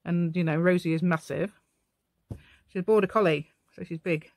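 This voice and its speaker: A woman's voice: lowish voice, fairly even intonation, normal speed, darkish tone, no room sound. Chatty woman, rambling craft talk. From England. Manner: rambling, chatty, talks to herself while working. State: tired. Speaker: craft channel host. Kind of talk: casual crafting tutorial chat.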